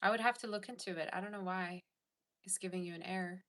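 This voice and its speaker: A woman's voice: fairly low pitch, fairly even intonation, quick pace, fairly bright tone. A woman hosting a casual tarot livestream, chatting and reading viewer comments aloud. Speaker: tarot reader and livestream host.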